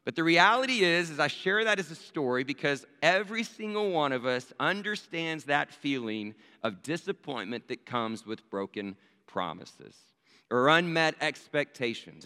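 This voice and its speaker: A man's voice: medium pitch, bright, forceful tone, clean tone. Man preaching in a reverberant hall. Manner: conversational, addresses listeners directly with rhetorical "right?". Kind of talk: storytelling sermon.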